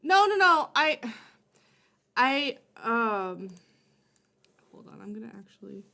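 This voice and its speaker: A woman's voice: a little high, sing-song, slow, vocal fry, pushed and bright. A woman streamer reacting to a video in rambling, stop-start casual chat, swearing freely.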